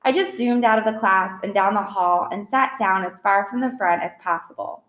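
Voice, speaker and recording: A woman's voice: mid-range voice, moderate pace, a bit bright. Audiobook reader: a woman, earnest first-person narration, roomy echo.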